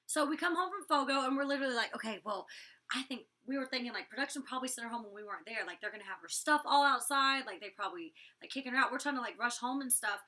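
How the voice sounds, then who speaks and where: A reality show cast member, a young woman, reviews an episode with chatty, fast, blunt talk, swearing freely and leaning on "like" constantly. Her high, bright voice carries a forceful tone and is picked up far from the mic.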